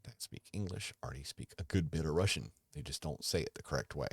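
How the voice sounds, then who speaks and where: A man in his forties hosting a podcast, chatting casually on his own in a rambling, halting way with many restarts. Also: rumbling low, lively intonation, breathy edge, no echo. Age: 40s. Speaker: podcast host. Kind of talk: casual solo chat.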